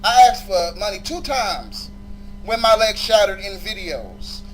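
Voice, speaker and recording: A man's voice: high voice, big pitch swings, unhurried, slight background noise, poor audio. A man ranting aggressively and with passion in a profane vlog, arguing with his viewers and with a woman on the phone. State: injured leg. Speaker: vlogger.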